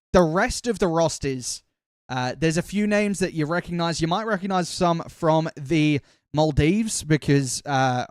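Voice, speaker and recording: A man's voice: fairly high pitch, no echo, studio quality. A young man chatting playfully with his live-stream viewers as a caster, talking straight to chat. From Australia.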